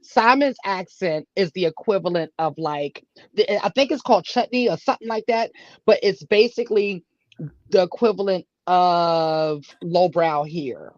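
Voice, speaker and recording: A woman co-host speaks calmly in a casual livestream chat. Her voice comes through dull and dry, with a muffled, roomless sound. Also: on the low side, normal speed, no room sound.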